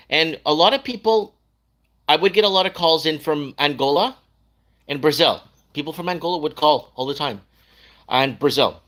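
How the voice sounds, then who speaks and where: A man's voice: on the high side, fairly bright tone. A man hosting a casual livestream, chatting loosely and reading viewer comments aloud.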